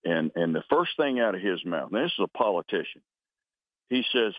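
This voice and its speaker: Older guy on a phone line, kinda low voice, earnest and halting, dry sound. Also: very animated, no echo. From United States. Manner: earnest, halting, frequent restarts, says "over" after answers. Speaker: retired Coast Guard vice admiral, guest. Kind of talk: reflective interview answers. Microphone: phone call.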